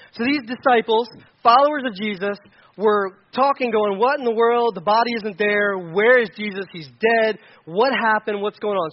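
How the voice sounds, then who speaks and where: Man, very high voice, interactive Bible lesson, energetic, prompts listeners for answers, muffled lo-fi sound. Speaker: Bible teacher.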